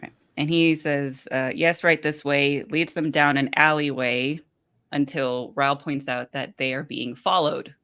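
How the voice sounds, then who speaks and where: A podcast host walks through book chapters in a loose, rambling recap. The delivery is hesitant and full of fillers, at an ordinary middle pitch. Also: fairly even intonation, unhurried, bright, forceful tone.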